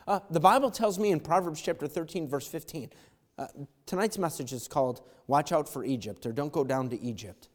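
Man, pastor preaching, fervent, loud calls and low asides, high voice, echoing church hall. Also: fairly quick. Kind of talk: sermon.

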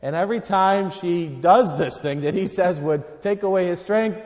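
A man delivers a sermon with a slightly raised pitch, moving from hushed, low stretches to loud, pressing emphasis as he reads scripture aloud. His voice rings out with the long reverb of a large hall. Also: normal speed. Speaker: preacher.

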